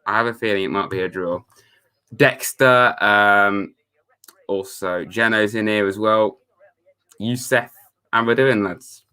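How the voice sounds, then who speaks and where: Young male streamer, casual and chatty, slightly low-pitched. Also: unhurried, long pauses, bright, forceful tone, clear, resonant tone. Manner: chatty, reads chat messages aloud, laid-back. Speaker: live streamer. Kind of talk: casual live-stream chat.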